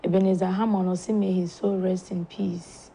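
Subdued Ghanaian woman with a mellow voice. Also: on the low side, little pitch movement, husky, rough recording. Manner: slow, subdued reading of condolence messages. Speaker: show host. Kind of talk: reading viewer messages on a talk show. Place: broadcast studio.

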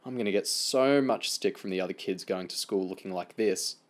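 A man's voice: deep voice, a little fast, close to an everyday voice. Man doing a cheeky teenage boy, complaining, playful, storybook reading. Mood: grumbling.

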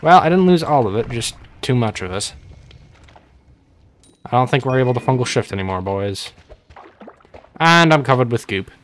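A young man's expressive, mid-range voice moves at normal speed with long pauses as he casually narrates his own gameplay. The let's-play commentary is rambling and jokey, broken by sudden panicky outbursts.

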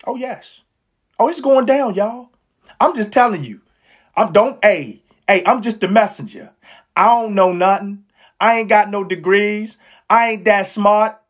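A woman with a husky, mid-range voice preaches at a measured pace in a live-streamed, street-style sermon. Fervent and emphatic, she repeats lines and calls out to her listeners in casual, slangy speech.

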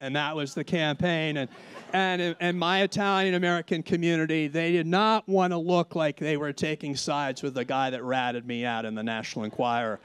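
Man in his fifties, panel guest spinning an anecdote with quoted voices, crisp tone. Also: on the high side, steady tone, normal speed, fairly bright tone. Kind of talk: storytelling on a panel. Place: conference stage.

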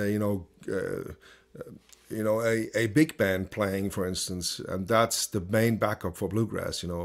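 A banjo teacher explaining with many pauses. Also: male voice, lowish voice, gravelly. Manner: thinking aloud, many fillers and restarts. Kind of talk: online masterclass lesson.

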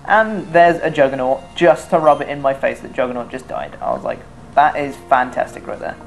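A man's voice: medium pitch, animated, a little fast, gravelly, faint music behind. A young man giving casual, self-mocking commentary over his own video game run, swearing freely. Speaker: let's play commentator.

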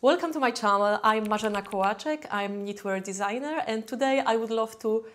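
A woman's voice: a little high, brisk, slight background noise. A woman with a Polish accent, a knitwear designer talking casually to her viewers, chatty and a little self-deprecating. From Poland. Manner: chatty, self-deprecating, with small laughs and restarts. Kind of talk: casual tutorial talk to camera.

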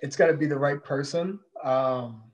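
A man being interviewed on a casual video call, relaxed and rambling, trailing off at times. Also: fairly high pitch, normal speed, echoey room, noisy background. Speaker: guest.

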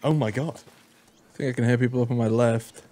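A man giving excitable gameplay commentary, joking and exclaiming as he plays. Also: mid-range voice, a little fast. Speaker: gaming YouTuber.

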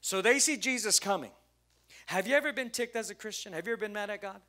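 Bright-voiced pastor preaching with drama. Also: male voice, sits high, fast. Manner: dramatic storytelling, acting out the people in the story; swings from loud emphasis to hushed lines. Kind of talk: sermon.

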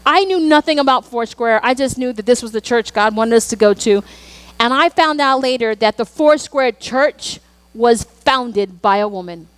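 A woman pastor delivers a sermon in a high, bright register. She tells personal stories earnestly and leans hard on emphatic asides. The sound is dry and close. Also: moderate pace, clean tone, no room sound. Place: church.

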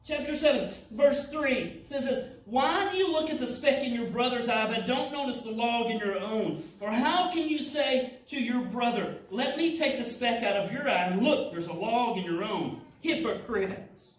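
High-voiced preacher in an echoey church. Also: male voice, moderate pace, hardly any pauses. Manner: impassioned preaching, rising to shouts. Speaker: pastor. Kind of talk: sermon. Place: church sanctuary. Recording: echoey church hall, mic at a distance.

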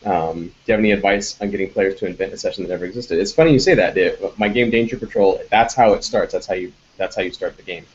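A game designer in a casual live Q&A, answering audience questions with many ums and restarts. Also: male voice, low voice, fast talker, hardly any pauses, lo-fi sound.

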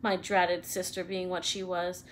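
A woman's voice: fairly low pitch, flat delivery, a little slow, natural voice. A woman voicing a bitter, resentful middle-aged aunt who rants with spite about her sister. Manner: spiteful, sneering ranting.

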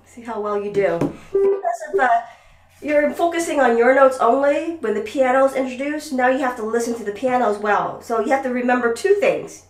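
A woman's voice: fairly high pitch, brisk, roomy sound, far from the mic, slight background noise. A woman teaching violin over a video call, coaching a student and singing rhythms aloud. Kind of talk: online music lesson.

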